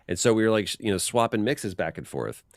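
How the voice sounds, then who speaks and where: Deep-voiced man telling lively stories. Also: fast talker, dry recording, studio quality. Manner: animated anecdotes with acted-out quotes, frequent restarts. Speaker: voice actor guest. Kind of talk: casual interview storytelling.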